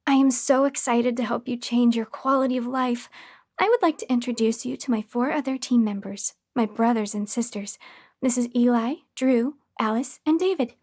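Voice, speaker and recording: A woman's voice: on the high side, normal speed, a little mellow, lightly acted. A woman voicing a sing-song creepy caretaker. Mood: sugary menace. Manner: sing-song, chirpy, over-sweet. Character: sweet, creepy female caretaker, falsely motherly. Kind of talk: audiobook horror reading.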